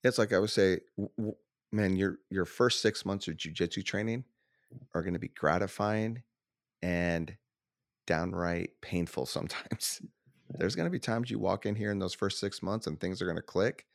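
A deep-voiced man with a gravelly edge, recorded close and dry. He hosts a podcast in a relaxed, easygoing way and peppers his speech with casual slang. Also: normal speed, no room sound. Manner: laid-back, uses slang like man, dude, bro. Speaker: podcast host, gym owner. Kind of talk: casual interview chat.

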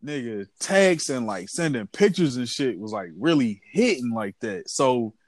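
A man telling a story in casual chat, lively and animated, acting out quotes. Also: mid-range voice, measured pace, dry recording.

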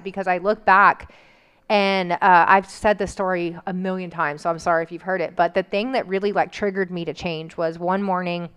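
A woman's voice: medium pitch, smooth. A woman telling a personal story in casual chat, candid and emotional, with frequent "like" fillers.

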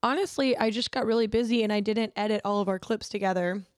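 A woman's voice: mid-range voice, quick pace, smooth, no echo, studio quality. A woman in her twenties co-hosting a podcast, telling candid stories and laughing often. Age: 20s. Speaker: podcast co-host. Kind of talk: casual chat.

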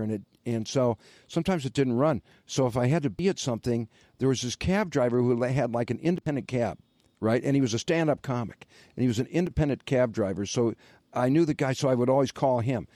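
A man's voice: mid-range voice, fairly quick, a little mellow, no room sound, clean studio sound. Rambling older man telling stories. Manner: rambling storyteller, many fillers. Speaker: podcast guest, former radio host. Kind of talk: casual chat.

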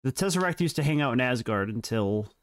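A man's voice: medium pitch, lively intonation, a little fast. A man co-hosting a podcast, reading prepared facts in casual, joking banter with his co-host. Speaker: podcast co-host presenting trivia.

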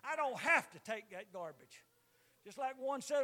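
An older man preaches in a church, his voice sitting very high for a man. He drops to low murmurs, then rises into loud, fervent calls to the congregation. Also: animated, moderate pace. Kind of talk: sermon.

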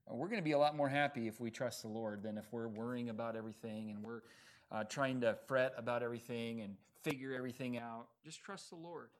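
A man preaching an evening sermon as pastor, talking in a conversational, self-deprecating way with plenty of fillers, then closing in prayer. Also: mid-range voice.

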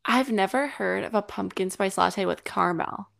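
A woman's voice: mid-range voice, normal speed, creaky, a bit bright. A woman from Massachusetts co-hosting a casual podcast, easygoing and agreeable. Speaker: podcast co-host. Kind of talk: casual chat.

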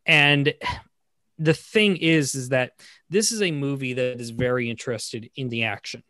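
A man co-hosting a film discussion podcast, talking casually with many fillers and restarts, getting animated as he criticizes. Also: mid-range voice, normal speed, no echo, clean studio sound. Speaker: podcast co-host. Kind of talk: casual film review chat.

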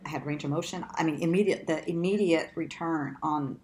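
A woman guest in an interview, telling a long personal story in a lively, conversational way and laughing often. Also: brisk, slight background noise. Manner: animated, laughs often, acts out quotes in a much higher voice.

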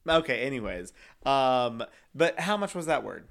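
A man's voice: mid-range voice, very animated, moderate pace, vocal fry, a bit bright. Rambling man in casual chat. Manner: rambling with many fillers, reading quotes aloud. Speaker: co-host. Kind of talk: casual true-crime chat.

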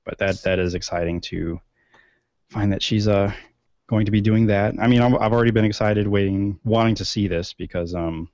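A man's voice: on the low side, steady tone, normal speed, darkish tone, dry recording. A man co-hosting a podcast in casual chat, rambling with many fillers and restarts. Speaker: podcast co-host. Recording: dull, lo-fi sound.

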